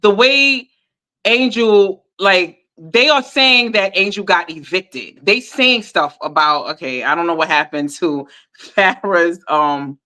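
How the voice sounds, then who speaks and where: Bright-voiced woman recapping reality TV. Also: fairly low pitch, takes it slowly. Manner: animated, emphatic, informal slang. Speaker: podcast co-host. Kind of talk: live recap chat.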